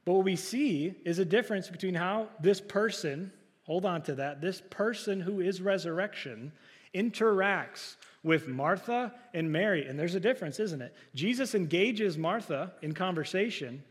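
A man's voice: high-pitched, animated, moderate pace, big-room sound. A man preaching a sermon, talking to the congregation in a conversational way with rhetorical questions. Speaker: pastor.

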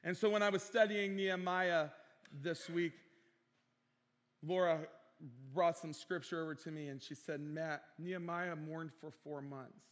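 A man's voice: fairly high pitch, fairly even intonation, unhurried. A male pastor preaching earnestly, repeating phrases for emphasis and calling out for amens. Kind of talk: sermon. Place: church sanctuary. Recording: long hall reverb in a church.

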